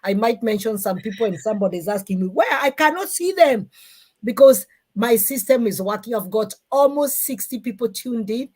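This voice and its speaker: A middle-aged woman with a Kikuyu Kenyan accent, hosting a live-streamed talk show in an animated, emphatic way. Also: on the high side, moderate pace, slightly rough. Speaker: host.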